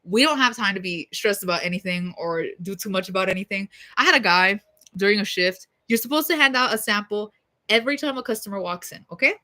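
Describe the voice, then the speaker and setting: A young woman with a bright, forceful voice tells a story on her livestream. She rants in a loose, profane, blunt way, full of "like" and "y'all." Her delivery stays casual and fired up. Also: mid-range voice, fast talker. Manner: heated, profane and blunt, with lots of fillers.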